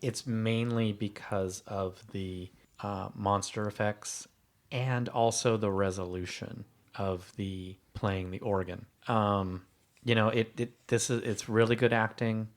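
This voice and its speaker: A man co-hosting a podcast, talking casually and thoughtfully, pausing with fillers as he weighs his view. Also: fairly low pitch, fairly even intonation. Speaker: podcast co-host. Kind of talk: casual chat.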